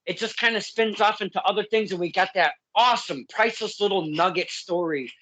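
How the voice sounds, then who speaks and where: A man hosting a casual interview, excitable and quick to laugh. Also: high voice, poor audio. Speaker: interview host.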